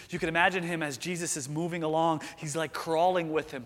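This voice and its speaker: A man preaching in a slightly high voice, earnest and conversational, asking his listeners questions. His words ring out with a long reverb from a large hall. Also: fairly even intonation, brisk, hardly any pauses, fairly bright tone. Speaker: pastor. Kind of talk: sermon.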